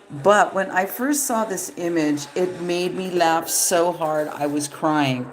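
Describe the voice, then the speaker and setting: A woman reading tarot cards live, talking in a loose, rambling, profane way. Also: sits low. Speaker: tarot reader. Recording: echoey room.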